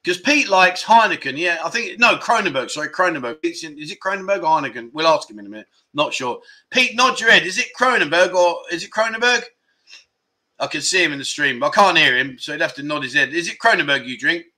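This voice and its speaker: A man's voice: on the high side, lively intonation, quick pace, pushed and bright. A man in his fifties hosting a casual livestream chat show, rambling and joking as he reads out viewer comments. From United Kingdom. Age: 50s. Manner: chatty, jokey, rambling with lots of asides. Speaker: livestream host.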